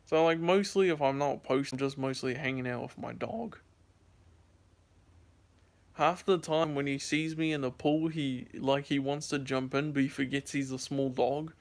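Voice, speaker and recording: A man's voice: mid-range voice, steady tone, normal speed. A sleepy young man vlogging, telling a rambling story to his viewers with lots of fillers and restarts. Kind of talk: casual storytelling to camera.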